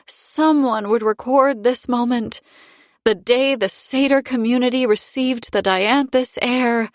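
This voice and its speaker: A woman narrating a fantasy audiobook in first person, with a measured, expressive reading. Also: on the high side, no echo, clean studio sound.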